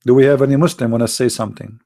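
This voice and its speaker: A man hosting his channel in polemical talk, slow, emphatic and scornful. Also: medium pitch, fairly even intonation, dark tone. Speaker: channel host.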